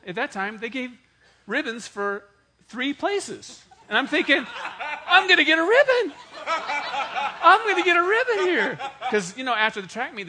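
A man in his forties delivers a sermon in a bright, forceful voice that sits high for a man. He tells stories with humor and speaks straight to the people in front of him, animated and playful. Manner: animated, joking, talks straight to the congregation. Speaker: pastor. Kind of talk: sermon with personal storytelling.

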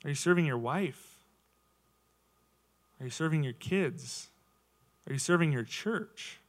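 A man's voice: a little high, animated, a little slow. Conversational man giving a sermon. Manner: conversational, with rhetorical questions and laughs. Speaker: lay preacher. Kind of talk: casual sermon.

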